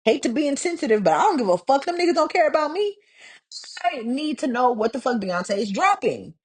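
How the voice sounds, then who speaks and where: A woman's voice: high-pitched, sing-song, a little fast, slightly rough. A young woman from Texas hosting a casual solo podcast, swearing freely and ranting with heated sarcasm. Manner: profane, heated and sarcastic, mocking others in put-on voices. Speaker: podcast host.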